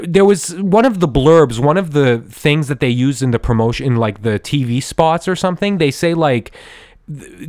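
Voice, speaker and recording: A podcast host in his thirties, with a fairly high voice recorded clean in a studio with no room sound, raves about a film. His review pours out in a profane, stammering rush, packed with "dude" and restarts.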